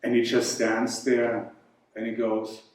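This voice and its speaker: A man with a German accent doing stand-up comedy, telling a story deadpan and chuckling along. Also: mid-range voice, slow. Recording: echoey hall from far off.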